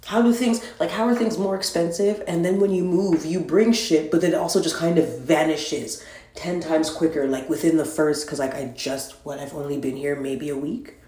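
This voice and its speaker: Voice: mid-range voice, steady tone, normal speed, mellow. A podcast host ranting alone in an exasperated, profane, rambling way, recorded in a newly moved-into, barely furnished apartment. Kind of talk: solo ranting monologue. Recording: echoey bare room.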